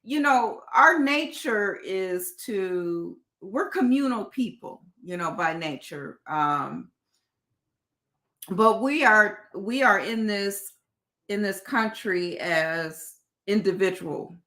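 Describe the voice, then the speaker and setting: A woman speaking as a panelist in a live video conversation, earnest and reflective, pausing often with fillers. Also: mid-range voice, lively intonation, sharp tone. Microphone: video call.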